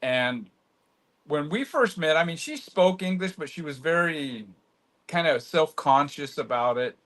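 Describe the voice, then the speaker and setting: A relaxed man talks slowly in a casual livestream chat. His pitch swings widely as he tells stories, which makes him sound lively, and he keeps an unhurried, easygoing manner. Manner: easygoing, slow-talking, animated storyteller. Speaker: guest.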